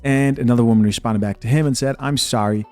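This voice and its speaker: Male podcast host, mid-pitch, blunt casual commentary, faint music underneath. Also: steady tone, fast talker, darkish tone. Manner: blunt, opinionated, casual with asides. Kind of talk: commentary on video clips and comments.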